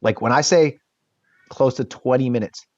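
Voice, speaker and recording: Male interview guest, casual lively storyteller, mid-pitched voice, muffled dry recording. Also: moderate pace, no echo. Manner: lively storyteller acting out what others said. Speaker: podcast guest. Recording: dull lo-fi dry sound.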